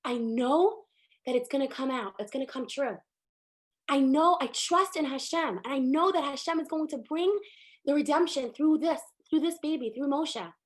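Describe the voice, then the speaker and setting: A woman's voice: high-pitched, moderate pace, lightly acted. A woman voicing a steadfast young prophetess. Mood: determined.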